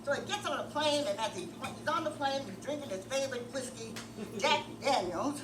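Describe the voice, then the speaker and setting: A woman's voice: high voice, animated, normal speed. An older woman performing a stand-up comedy set, telling stories and doing crowd work in a club. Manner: storytelling, sings a comic song. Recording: echoey club audio, far from mic, noisy.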